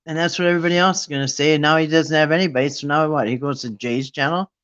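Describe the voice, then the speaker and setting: A man's voice: fairly high pitch, steady tone, racing, a bit bright, muffled recording. A man hosting a casual live stream, talking in an indignant, mocking way and rambling with restarts. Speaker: livestream host.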